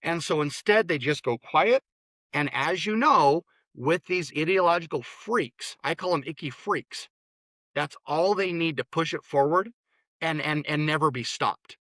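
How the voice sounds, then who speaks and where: A man's voice: a little high, measured pace, bright, forceful tone, no room sound. A man, a therapist and interview guest, talking bluntly and opinionatedly, often restarting his words. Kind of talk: casual interview talk.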